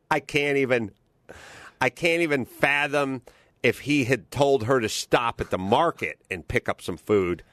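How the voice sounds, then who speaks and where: A man's voice: medium pitch, a little slow, dry recording. A man telling stories in a casual, profane comedic rant as a podcast host. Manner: profane, animated storytelling, swaps into voices for quotes.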